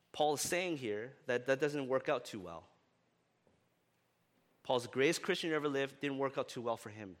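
A male pastor preaching a sermon in a casual, conversational way, often rising for emphasis. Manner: animated, often rising in pitch and loudness for emphasis; conversational with fillers like "right?" and "like". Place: church. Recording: long reverb of a church hall.

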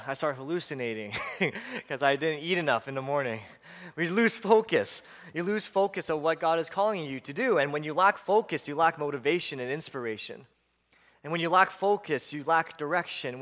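A middle-aged man preaching in a church, his voice set a little higher than most men's. He speaks with earnest urgency, repeating key phrases and leaning on fillers. The sound carries a long hall reverb from the sanctuary. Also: a bit bright. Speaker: pastor. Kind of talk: sermon.

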